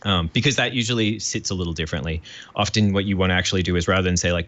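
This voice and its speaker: An Australian man, a podcast guest, explaining software eagerly with lots of fillers. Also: low voice, steady tone, fast, no room sound, dull audio. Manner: enthusiastic, many fillers, quotes imagined requests.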